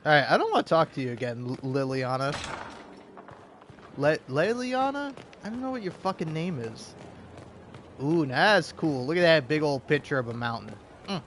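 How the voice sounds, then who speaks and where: A man's voice: on the high side, lively intonation, fairly quick, a bit bright, a little hiss or hum. A young man giving casual gameplay commentary, rambling, joking, stammering and swearing as he plays. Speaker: gameplay streamer.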